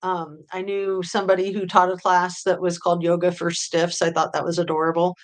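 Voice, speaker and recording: A woman's voice: fairly low pitch, monotone, brisk. A woman hosting a true crime livestream, chatting casually with her viewers and reading their comments, rambling with many fillers. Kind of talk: casual chat with live chat readers.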